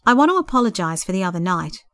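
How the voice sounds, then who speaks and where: A woman's voice: mid-range voice, a little fast, no room sound, clean studio sound, close to an everyday voice. A woman reading the part of a courteous young bachelor who talks in an earnest, slightly nervous way. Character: young adult bachelor man, courteous, sheepish.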